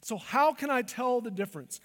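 High-voiced preacher in a reverberant hall. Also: male voice, lively intonation, moderate pace. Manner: swings from hushed intimate asides to loud emphatic declarations. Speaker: pastor. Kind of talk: sermon.

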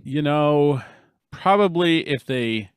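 A man co-hosting a casual podcast chat, unhurried and laughing through his answers. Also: on the high side, expressive, smooth, dry recording, clean studio sound. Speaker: podcast co-host.

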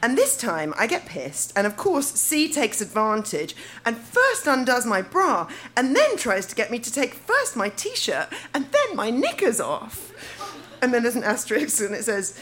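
A woman with a London accent reads her teenage diary to a live crowd, laughing as she goes. Her voice is high, bright and very lively, swinging up and down as she mocks her younger self. A faint hiss sits under it. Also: measured pace. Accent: London English. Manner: laughing through her lines, playful and self-mocking. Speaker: reader at a live show. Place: live venue stage.

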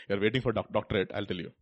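A man's voice: lowish voice, fairly even intonation, fast talker, dry recording. A man preaching a sermon, reading scripture aloud and pressing the listeners with rhetorical questions. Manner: reads scripture aloud between comments.

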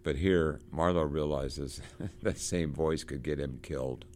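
A man reading passages from a novel aloud and stopping to explain them, halting and restarting as he talks, and lifting his voice when he reads. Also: very deep voice, darkish tone, a little hiss or hum.

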